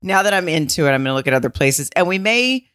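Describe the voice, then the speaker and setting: A woman's voice: on the low side, animated, fast, fairly bright tone, smooth, dry recording, clean studio sound. A woman co-hosting a podcast in casual chat, chatty and laughing often, swearing casually. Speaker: podcast co-host.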